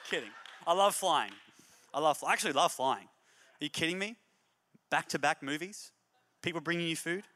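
A man preaching a humorous, energetic sermon as a pastor, moving between jokey stories and emphatic exhortation. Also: a little high, normal speed, pauses often, long reverb tail. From Australia. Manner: animated storyteller, jokey then emphatic and exhorting.

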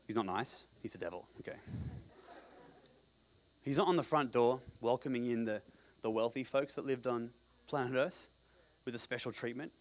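A man preaching a sermon as pastor at a church service, swinging between loud emphatic passages and quiet low asides. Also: normal speed, pauses often.

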